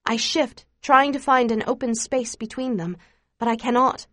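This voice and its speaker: A woman narrating a first-person memoir in a measured, earnest reading with dramatic emphasis. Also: fairly high pitch, steady tone, bright, forceful tone, no echo, studio quality. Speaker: audiobook narrator.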